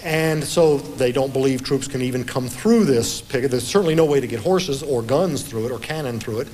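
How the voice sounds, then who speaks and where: A man giving a talk as an author, telling history in a measured, explanatory way and reading aloud from his book. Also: mid-range voice, darkish tone. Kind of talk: lecture-style historical storytelling.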